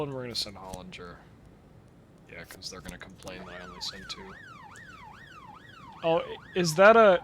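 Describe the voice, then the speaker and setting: A man's voice: on the high side, fairly bright tone, slight background noise. Stuffy-nosed young man streaming a game. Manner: wry, rambling, swears often. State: stuffed-up nose. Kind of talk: casual gameplay commentary.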